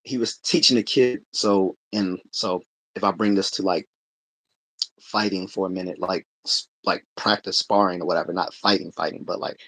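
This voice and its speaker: A man's voice: low-pitched, fairly even intonation, normal speed, fairly bright tone, no echo. A man hosting a casual livestream, reading chat comments aloud and answering them in a conversational way, laughing often and restarting his sentences.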